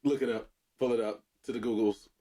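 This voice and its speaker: A man's voice: medium pitch, fairly even intonation, a little fast, dark tone. Easygoing man bantering on a podcast. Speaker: podcast co-host. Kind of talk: casual banter.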